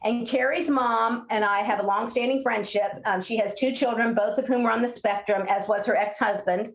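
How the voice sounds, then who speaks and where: In a casual interview recorded in an echoey room, a woman speech-language pathologist appears as a guest, telling stories animatedly and acting out what children and parents say. Her voice is on the high side, at a normal speed.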